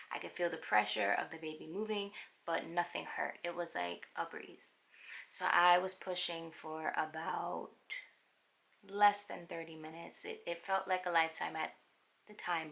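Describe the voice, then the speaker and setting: A young woman telling a personal story in a casual, animated, wry way. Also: lowish voice, creaky. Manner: animated, wry, quotes others in quick asides. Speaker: vlogger.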